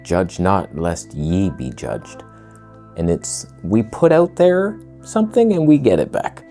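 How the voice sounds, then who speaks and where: A man's voice: low voice, mellow. A young man ranting casually to camera in a sarcastic, crude way, slipping into mocking voices. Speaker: vlogger.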